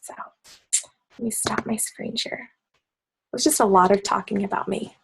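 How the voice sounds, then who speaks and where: A woman coaching her team on a call, talking softly and low so as not to wake her child. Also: fairly even intonation, unhurried, creaky, slight background noise, rough recording.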